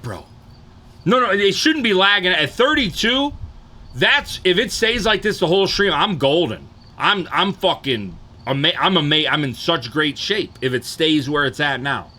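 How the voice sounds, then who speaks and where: Animated, profane man. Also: high-pitched. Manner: animated, profane, repeats "you know what I'm saying". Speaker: livestreamer. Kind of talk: casual livestream rant.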